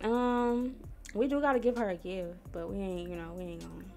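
A young woman from Missouri, chatting casually to viewers while she plays a life-sim game, squealing when something excites her. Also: medium pitch, brisk. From Missouri, USA. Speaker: gaming streamer. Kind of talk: casual gameplay commentary. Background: soft R&B background music.

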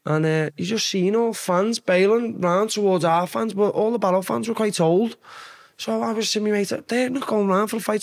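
A young Scouse man from Liverpool, a former footballer telling stories as a podcast guest in casual, swear-heavy chat. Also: on the high side. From Liverpool, England. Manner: swearing, animated storyteller. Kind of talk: casual storytelling.

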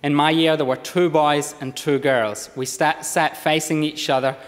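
A man in his thirties with a lowland Scottish accent softened by years in Australia, delivering a measured, formal speech in parliament. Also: steady tone. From Scotland. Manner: measured, read-out oratory with occasional slips. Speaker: member of parliament. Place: parliament chamber. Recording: long reverb of a large chamber.

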